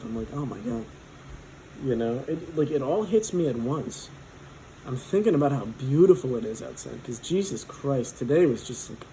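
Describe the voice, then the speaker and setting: A man's voice: medium pitch, mellow, a little hiss or hum, low-quality recording. A man in his twenties telling a personal story casually, rambling with lots of fillers and swearing.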